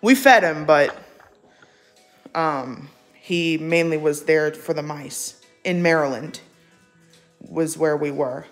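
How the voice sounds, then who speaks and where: A chatty woman hosts a relaxed live vlog from home, her voice sitting on the low side. She reads viewer comments aloud and coos at her cat between remarks. Soft music plays faintly underneath. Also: takes it slowly, long pauses. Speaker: livestream vlogger. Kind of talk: casual live-chat vlog. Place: at home indoors.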